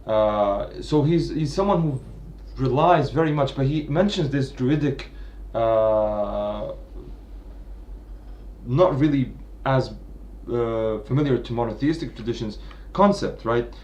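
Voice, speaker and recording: A man's voice: mid-range voice, slow, darkish tone, dull audio, slight background noise. Man lecturing, restarting phrases often. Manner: thinking aloud, many restarts and "right?" checks. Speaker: literature commentator. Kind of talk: unscripted analytical lecture.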